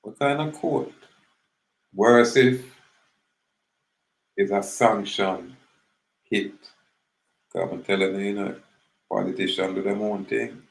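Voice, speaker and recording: A man's voice: lowish voice, slow pace, creaky, long pauses, roomy sound, poor audio. A man with a Jamaican accent, talking casually in a rambling monologue that mixes patois and English.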